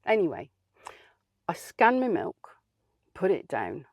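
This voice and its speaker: A woman's voice: lowish voice, wildly swooping pitch, slow, dry recording, heavily acted. Woman playing a blunt older lady. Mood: wry. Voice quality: dry, plain-spoken and sardonic. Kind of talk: comic character monologue.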